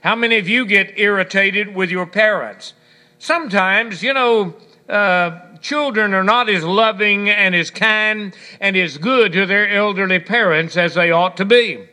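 A man's voice: high-pitched, a little slow, sharp tone. A man preaching a sermon on gratitude, folksy and storytelling, with scripture and a bit of humor. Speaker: pastor.

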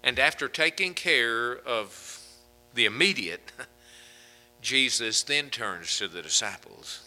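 A man's voice: medium pitch, animated, slow, sharp tone, rough recording. A man preaching a sermon as pastor, folksy and conversational, chuckling between points.

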